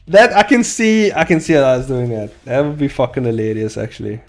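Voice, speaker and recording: With faint music behind him, a young comic artist talks to viewers at a moderate pace in a medium-pitched voice. It's a casual live-stream chat as he draws, full of rambling, frequent laughter and free swearing.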